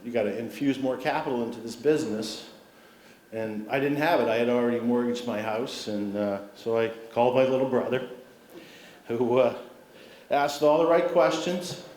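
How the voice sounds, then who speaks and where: A middle-aged man giving an acceptance speech at an awards ceremony, telling family stories with humor. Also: mid-range voice. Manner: warm anecdotal storytelling with humor. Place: large civic hall. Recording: roomy hall with faint ambience.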